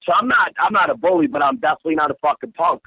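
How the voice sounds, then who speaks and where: A man's voice: fairly high pitch, expressive, racing, slightly rough, dry recording. A man telling a rambling, profanity-laced story as a guest on a casual talk podcast. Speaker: guest, bar owner. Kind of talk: casual phone-in chat. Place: Bangkok, Thailand. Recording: dull lo-fi podcast audio.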